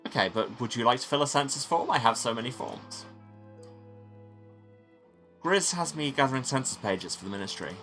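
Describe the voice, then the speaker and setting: A man's voice: medium pitch, lively intonation, moderate pace, pauses often, a bit bright, faint music behind. A man hosting a let's play, joking about the story and mocking his own accents. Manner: self-mocking, jokey asides. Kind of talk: joking game commentary.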